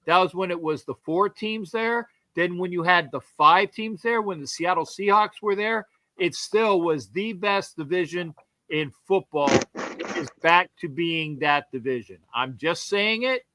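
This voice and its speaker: Older man with a Southern US accent, higher bright voice, dry close mic, emphatic and long-winded podcast co-host. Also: unhurried, no room sound. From southern United States. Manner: emphatic, rambling, folksy. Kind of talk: casual sports podcast chat.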